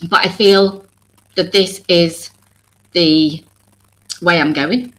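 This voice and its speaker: A woman with a notably low, deep voice talks to her viewers on a live stream. She rambles earnestly, circles back and restarts her thoughts, and sounds openly vulnerable and emotional. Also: steady tone, takes it slowly, rough recording. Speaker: oracle card reader and live stream host.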